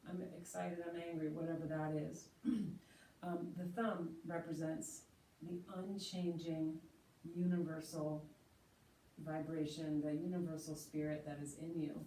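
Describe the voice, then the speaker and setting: A woman teaching yoga, slowly and gently cueing breath and movement. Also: deep voice, level tone. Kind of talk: guided yoga instruction. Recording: roomy echo, voice from a distance, faint hiss.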